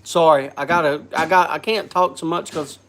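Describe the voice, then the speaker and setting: A man's voice: a little high, fairly even intonation, a bit bright, a little hiss or hum. A man hosting a casual live chat, congested from a cold, coughing and often restarting his sentences. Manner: halting, restarts with repeated words. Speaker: host.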